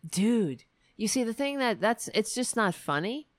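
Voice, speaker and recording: A woman's voice: on the high side, sing-song, a little slow, no echo. A woman hosting a political commentary show, ranting in a sarcastic, profane, exasperated way.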